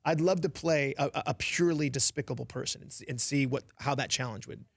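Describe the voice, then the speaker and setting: A man in his forties, an actor and comedian, chatting as a guest in a radio interview, lively and laughing, with many restarts. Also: medium pitch, fast, vocal fry, breathy edge, no echo, clean studio sound. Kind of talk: casual interview chat.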